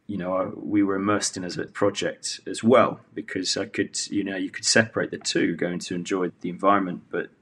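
A man interviewed as a veterinarian and charity founder speaks in a lowish voice. He talks modestly and hesitantly about his work. His style is relaxed and conversational. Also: a little fast, few pauses, slightly rough. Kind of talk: casual interview chat.

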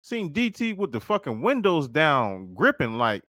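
Animated man telling a story. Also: high voice, moderate pace, few pauses, dry recording, clean studio sound. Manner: animated, profane, acts out quoted dialogue. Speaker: podcast host. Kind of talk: casual storytelling.

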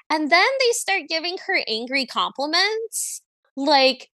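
A woman's voice: sits high, very animated, slow, bright, forceful tone, no echo. A woman co-hosting a podcast, recapping a movie in a chatty, wry way. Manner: chatty, wry, slips into voices. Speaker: podcast co-host. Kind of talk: casual chat recapping a movie.

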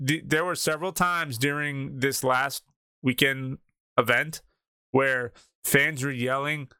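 Bright, crisp ranting man. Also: mid-range voice, steady tone, slow pace, no room sound, studio quality. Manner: ranting, exasperated, blunt. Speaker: podcast co-host. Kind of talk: casual sports podcast rant.

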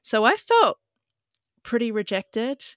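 A woman's voice: a little high, sing-song, takes it slowly, a bit bright, no echo, studio quality. A young woman tells her personal story as a podcast guest, frank and emotional and swearing casually.

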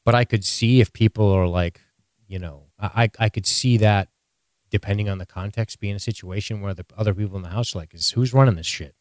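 A man with a low voice chats on a podcast in an animated, joking way. He swears freely and teases his co-host. The sound is dry and close. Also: no echo. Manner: animated, profane, jokey, quick to tease. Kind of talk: casual chat.

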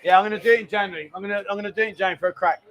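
A man's voice: high-pitched, fairly even intonation, very fast, a bit bright. A man hosting a live stream from a busy bar, chatting and joking as he reads out viewer messages. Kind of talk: casual live stream chat.

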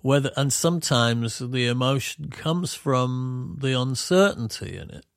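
A middle-aged man with a Yorkshire accent, co-hosting a podcast and reminiscing casually, rambling and explaining things gently. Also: medium pitch, expressive, unhurried, vocal fry, dry recording, studio quality. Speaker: podcast co-host, musician.

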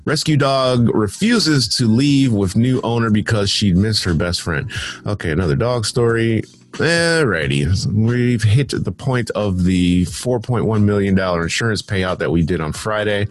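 Low-voiced man riffing on headlines. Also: expressive, unhurried. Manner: dismissive, sarcastic asides. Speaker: host. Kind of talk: casual headline commentary.

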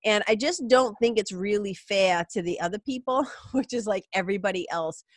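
A woman's voice: medium pitch, moderate pace, no room sound, studio quality. A middle-aged woman, a yoga teacher, talking candidly and emotionally in a rambling personal monologue, with casual swearing. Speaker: yoga teacher and podcast host.

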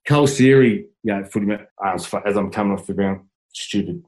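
An Australian man speaks with a fairly low voice, telling stories in a relaxed interview. He stumbles through restarts and repeated words, chuckling as he goes. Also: rough recording. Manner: halting, many restarts, laughs while telling stories. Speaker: former footballer, guest. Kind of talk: casual storytelling interview.

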